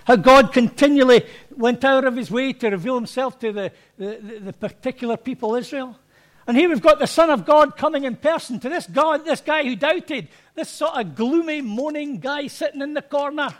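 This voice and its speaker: High-voiced preacher. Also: male voice, moderate pace. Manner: conversational, anecdotal, acts out quotes. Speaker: pastor. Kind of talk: sermon.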